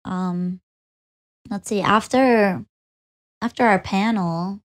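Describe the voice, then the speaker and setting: A woman's voice: medium pitch, slow pace. A woman co-hosting a VTuber podcast in casual chat, giggly and often trailing off mid-sentence.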